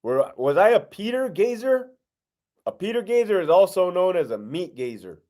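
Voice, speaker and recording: His pitch swings widely as this fairly high-voiced, middle-aged man hosts a relaxed live-stream Q&A, working through viewers' questions at a moderate pace. He sounds like a former prison lieutenant off the clock: blunt, profane, slangy, with a darkish tone.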